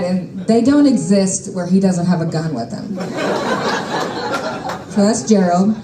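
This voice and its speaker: A woman's voice: medium pitch, unhurried, long pauses, roomy sound, crowd noise, rough recording. A young adult woman telling a personal story on stage, wry, exasperated and freely profane. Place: stage at a live storytelling show.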